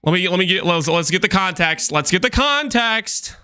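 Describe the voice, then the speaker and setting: A man streaming a game, chatting with viewers in an animated, teasing way with quick asides. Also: sits high, clear, resonant tone. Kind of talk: livestream chat with viewers.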